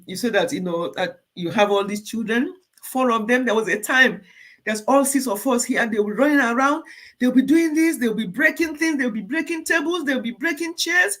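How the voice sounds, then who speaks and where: An older woman talks straight to her live stream viewers, calling out commenters by name. Her speech is heartfelt and emotional, with pauses and restarts as she gathers her thoughts. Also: fairly high pitch, fairly bright tone. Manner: emotional, tearful at times, talks directly to commenters. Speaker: channel host.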